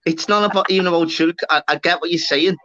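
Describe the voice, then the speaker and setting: A man's voice: fairly high pitch, quick pace, noisy background. A man hosting a live stream, bantering casually, swearing and laughing as he retells what he said. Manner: swearing, laughing, retelling his own lines. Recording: dull, dry lo-fi stream audio.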